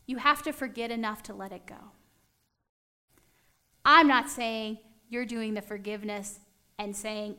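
A woman preacher giving a sermon in an animated storytelling manner, acting out bits of dialogue. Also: a little high, a little slow, pauses often, clean tone.

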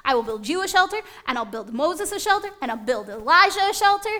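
Woman doing an eager male disciple, gushing, breathless, high bright voice. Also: sing-song, fairly quick, full character voice. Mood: excited. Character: eager devoted male disciple, impulsive adult.

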